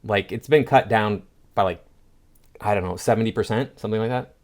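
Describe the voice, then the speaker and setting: A man's voice: on the low side, fast talker, darkish tone. A man hosting a political commentary show, reading posts aloud and answering them with scoffing sarcasm.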